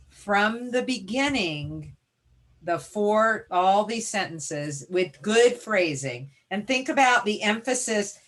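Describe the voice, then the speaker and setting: A woman's voice: mid-range voice, fairly bright tone. A woman teacher leading a reading lesson over a video call, giving encouraging step-by-step prompts. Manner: encouraging, directive classroom prompts. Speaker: teacher presenting a reading webinar.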